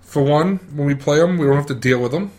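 A man's voice: fairly high pitch, quick pace, darkish tone. A man presenting the sports segment of a casual show, talking like an eager fan in a loose, sometimes profane way.

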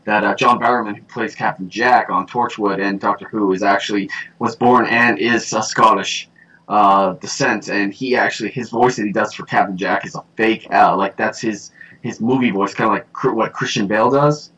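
A man's voice: on the low side, steady tone, moderate pace, pushed and bright, husky, rough recording. A man hosting a casual podcast chat, rambling with many fillers and restarts. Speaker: podcast host.

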